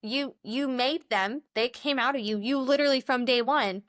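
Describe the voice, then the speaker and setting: A woman's voice: high-pitched, moderate pace, a bit bright, dry recording, studio quality. A young adult woman co-hosting a podcast, talking in a rambling, earnest, chatty way. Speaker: podcast co-host. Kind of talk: casual chat.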